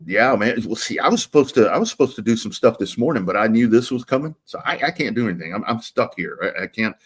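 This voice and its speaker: A man co-hosting a live sports talk stream, relaxed and rambling as he talks. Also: on the low side, quick pace, husky. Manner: relaxed and rambling, with many restarts. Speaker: sports talk show co-host.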